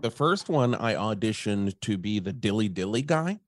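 A man's voice: lowish voice, animated, normal speed, no room sound, clean studio sound. A man calling in to a comedy show, sheepishly telling an audition story. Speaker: caller. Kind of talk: comedic anecdote.

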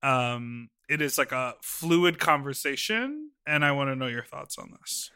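A man co-hosting a podcast in casual chat, animated and laughing often, swearing casually as he talks. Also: medium pitch, unhurried, smooth, no echo, studio quality. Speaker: podcast co-host.

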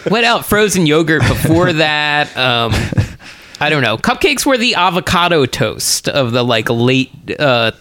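Casting: male podcast co-host, bright tense voice, dry close sound, rambling chatty delivery. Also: on the high side, very animated, a little slow, dry recording. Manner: rambling, thinks aloud with fillers. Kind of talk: casual chat. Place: Los Angeles area.

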